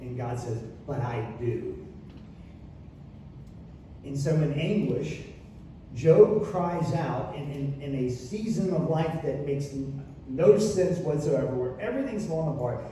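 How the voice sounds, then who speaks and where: A man's voice: a little high, expressive, a little slow, dark tone, a little hiss or hum. A man preaching a sermon as pastor, with impassioned, repetitive delivery. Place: church sanctuary. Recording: echoey room from far off.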